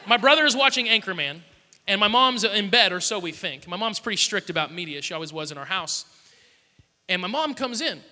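A man in his thirties preaches to his congregation with a high, sharply bright voice. He tells stories with humor and warmth of delivery before turning to scripture, and his words ring out with a long reverb from the big church hall. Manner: storytelling with humor. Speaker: pastor. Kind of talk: sermon.

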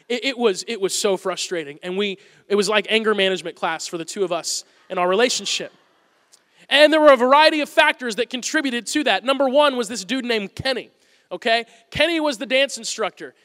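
A man with a very high, bright voice preaching a humorous sermon to his congregation. He tells self-deprecating stories in a loose, conversational way, and his voice rings out through a large hall with long reverb. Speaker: pastor.

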